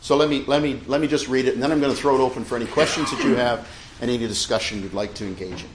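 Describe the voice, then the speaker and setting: A man who is a pastor, talking through a church matter with restarts and laughter, then reading a statement in a forceful preaching voice. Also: medium pitch, rapid-fire, a little hiss or hum. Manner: chatty, with restarts and laughter in the casual part. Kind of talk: church talk and read-aloud statement. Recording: echoey room with faint ambience.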